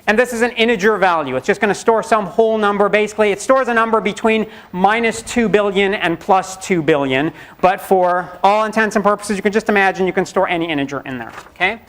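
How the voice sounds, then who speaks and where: A man's voice: high-pitched, quick pace, hardly any pauses, fairly bright tone. A middle-aged man giving a university programming lecture in a conversational, joking way, acting out students' questions. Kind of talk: classroom lecture. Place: lecture hall.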